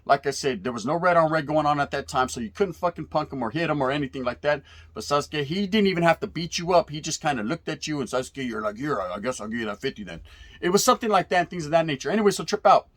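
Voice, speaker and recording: This Californian man in his forties talks fast in a voice pitched a bit higher than most men's. He's relaxed and slangy as he recalls his youth prison days, dropping in Spanish words, swearing freely, and tossing in plenty of "right?" tags.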